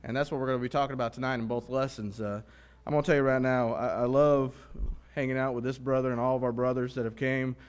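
A man's voice: mid-range voice, steady tone, fast, clear, resonant tone. A man introducing a guest preacher in church, chatty, with frequent restarts. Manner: chatty, warm praise, stumbling restarts. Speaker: song leader introducing the preacher.

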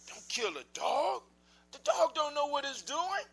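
A man voicing a calm, wise young male healer who speaks gently and softly. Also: very high-pitched, measured pace, creaky, voice pushed up, exaggerated voice. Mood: gentle.

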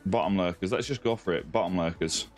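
A low-voiced Australian man talks fast over faint background music while live-streaming a game. His home streaming setup has a ring light, and he keeps things casual, greeting viewers by name and calling them mate and buddy.

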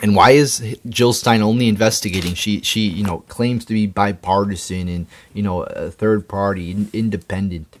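Deep-voiced man in a profane rant. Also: fairly even intonation, moderate pace, a little hiss or hum. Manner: profane, stammering, indignant. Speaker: political commentator. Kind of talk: angry political rant.

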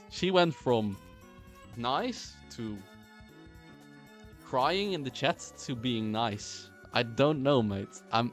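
A man's voice: mid-range voice, fairly bright tone. A man streaming a video game, joking around and repeating his lines in casual commentary. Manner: playful, joking, repeats phrases.

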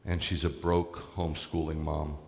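A man's voice: extremely low pitch, little pitch movement, moderate pace, creaky, in a large hall. A man giving a sermon as a rabbi, talking conversationally and stressing his points to the congregation. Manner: conversational, emphatic preaching with asides to the congregation.

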